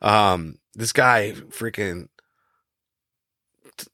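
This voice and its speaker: Low-voiced man, loose rambling chat. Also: drawn-out words, sharp tone, no room sound, studio quality. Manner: loose and rambling, says "bro" a lot. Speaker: co-host. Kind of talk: casual chat.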